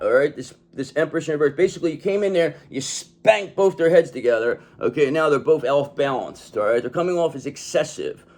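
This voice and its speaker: A man's voice: fairly high pitch, darkish tone. A man giving a tarot reading in an emphatic, profane manner, often checking in with "okay?". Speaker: tarot reader.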